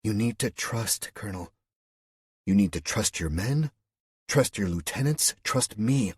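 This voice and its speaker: A man's voice: lowish voice, expressive, measured pace, breathy edge, no room sound, clean studio sound, pitched above the performer's own voice. A man voicing a loyal female officer who speaks respectfully but firmly to her commander. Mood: earnest. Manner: respectful but firm, pleading.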